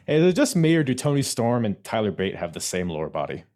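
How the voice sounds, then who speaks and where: A man with a fairly low voice hosts a casual wrestling podcast. His pitch swings widely as he talks. He stumbles through fillers and restarts and laughs easily. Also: big pitch swings, fast, a little mellow. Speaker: podcast host.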